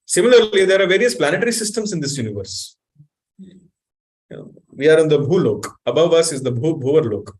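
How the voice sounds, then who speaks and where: Animated man preaching. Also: fairly high pitch, a little fast. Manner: animated, questions the audience, recites Sanskrit verses. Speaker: spiritual teacher. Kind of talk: sermon.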